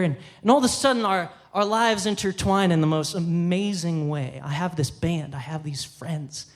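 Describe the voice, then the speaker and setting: A man, the band's violinist, telling an animated story on a theater stage into a stage microphone, acting out scenes with sudden jumps in pitch. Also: moderate pace, hardly any pauses. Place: theater stage at a live concert.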